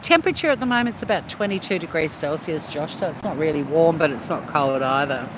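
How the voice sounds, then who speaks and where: A man's voice: on the high side, lively intonation, brisk. An Australian man hosting a casual live stream at the beach, talking to his chat in a blunt, chatty way that is full of swearing. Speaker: livestream host reading chat. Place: outdoors at a beach. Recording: noisy outdoor street sound.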